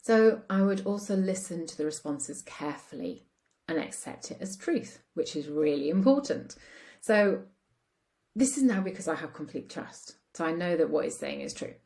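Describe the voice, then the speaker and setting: Chatty woman coach with a mellow voice. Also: sits low, animated, normal speed. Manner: chatty, acts out quoted voices, frequent fillers. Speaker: relationship coach. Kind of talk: casual talk to camera.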